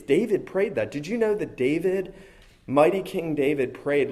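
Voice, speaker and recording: A man's voice: fairly high pitch, expressive, moderate pace, warm tone, slight background noise. Earnest man preaching a sermon. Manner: earnest, emphatic, repeats key phrases. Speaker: pastor.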